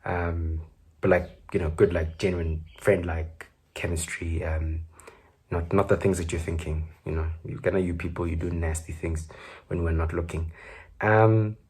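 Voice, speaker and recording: Husky-voiced South African man chatting. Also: low-pitched, fairly even intonation, normal speed, a little mellow. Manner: rambling, joking, full of fillers. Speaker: podcast host. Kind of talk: casual solo chat.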